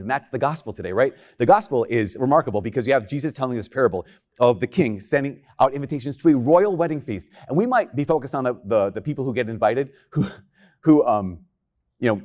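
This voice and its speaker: Chatty man giving a homily. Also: medium pitch. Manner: conversational, joking, animated with quoted voices. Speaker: priest.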